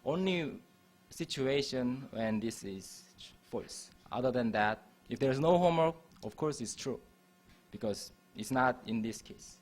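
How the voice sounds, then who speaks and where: Male university lecturer, mid-pitched voice, patient and repetitive classroom explaining. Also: lively intonation, a little slow, darkish tone. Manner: repeats and restarts phrases while explaining.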